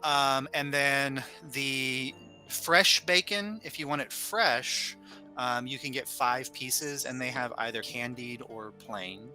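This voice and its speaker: A man running a tabletop game as game master, describing market stalls with many ums and pauses. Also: medium pitch, bright, forceful tone, faint music behind. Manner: hesitant, lots of ums while describing scenes.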